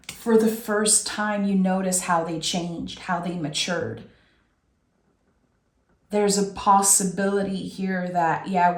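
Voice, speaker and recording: A woman doing a tarot reading, speaking softly and with feeling. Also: mid-range voice, roomy sound. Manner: slow, soft-spoken and emotional. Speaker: tarot reader.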